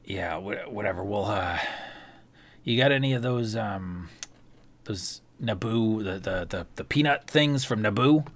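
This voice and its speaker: A man doing a gruff, low-voiced gambler. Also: expressive. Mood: suspicious. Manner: slow, gruff, suspicious. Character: gruff male card player, suspicious, low voice.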